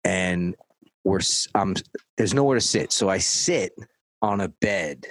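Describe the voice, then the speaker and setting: Man storyteller, low register, dry mic, profane deadpan anecdote with voiced quotes. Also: unhurried, dry recording, low-quality recording. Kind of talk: casual anecdote.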